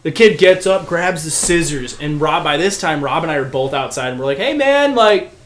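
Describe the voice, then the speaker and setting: Animated young man telling a wild story. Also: on the high side, fairly quick, slight background noise. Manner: animated, swears freely, acts out voices in the story. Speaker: podcast guest, DJ. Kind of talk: casual storytelling. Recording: echoey room.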